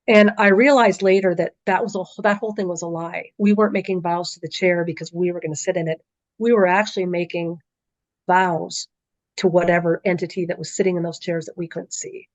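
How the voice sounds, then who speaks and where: A woman's voice: mid-range voice, no room sound. A middle-aged woman on a podcast as a guest, recounting a dream in vivid, conversational storytelling with frequent fillers, on slightly muffled audio. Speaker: podcast guest, author and speaker.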